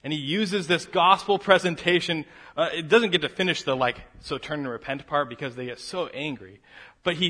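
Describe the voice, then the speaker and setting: A man preaching a sermon, moving from quiet reflection to a fervent, raised delivery. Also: fairly high pitch, moderate pace. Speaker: pastor.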